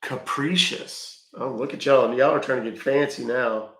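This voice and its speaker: A man hosts a live stream, chatting casually, joking and reading viewer comments aloud as he talks to chat. His mid-range voice has fairly even intonation, moves fairly quickly, and sounds reverberant.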